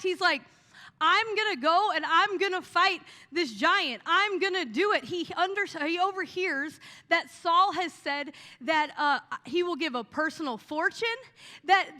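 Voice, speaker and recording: High, bright, energetic woman pastor. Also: in a large hall. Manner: energetic, animated storytelling with y'all. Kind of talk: sermon. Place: church hall.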